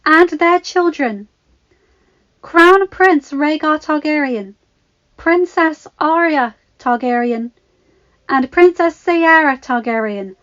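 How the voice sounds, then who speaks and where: A woman voicing a proud female herald who proclaims the royal family to a huge crowd in a loud, drawn-out, ringing call. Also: high-pitched, expressive, lo-fi sound, pitched above the performer's own voice, exaggerated voice. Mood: proclaiming.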